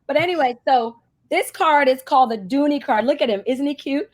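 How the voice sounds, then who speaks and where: High-voiced animated woman telling a story. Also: fairly quick. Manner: animated, acts out quoted voices. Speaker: marketing agency CEO, guest. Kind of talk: casual interview storytelling.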